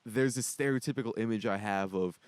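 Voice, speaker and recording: A man's voice: lowish voice, no room sound. A young man hosting a casual podcast, loose and swearing often. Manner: loose, swearing, laughing often, quick questions. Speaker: podcast host.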